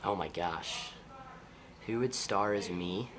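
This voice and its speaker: A high school senior football player from Ohio with an Ohio accent, answering interview questions in an easygoing, upbeat way. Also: male voice, slow pace, a crowd in the background. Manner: upbeat, easygoing, laughs often.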